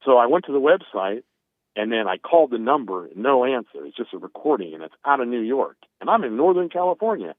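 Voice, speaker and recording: A man's voice: mid-range voice, very animated, a little fast, no echo. Man on a tinny phone line. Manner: rambling, friendly sign-off. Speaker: caller. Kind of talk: casual phone call.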